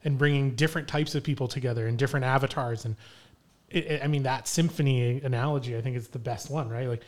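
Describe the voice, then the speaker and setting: A man's voice: medium pitch, steady tone, fast talker. A man co-hosting a podcast who casually reflects on what his guest said and fills his talk with "like" and "right". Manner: reflective, uses lots of "like" and "right". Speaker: podcast co-host. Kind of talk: casual chat.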